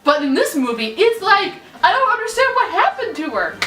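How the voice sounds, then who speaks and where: A woman's voice: very high voice, very animated, normal speed, pushed and bright, distant mic, soft background music. A woman reviewing a film in a casual chat, giggly and easygoing. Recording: roomy, away from mic.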